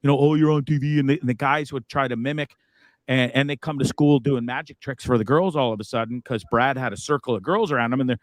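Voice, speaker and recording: A middle-aged man talks loosely and profanely, spinning rambling stories as he hosts a casual podcast chat. His voice sits at an ordinary pitch and sounds dry and close to the mic. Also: fast talker, no echo. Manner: profane, rambling, animated storyteller. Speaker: podcast host.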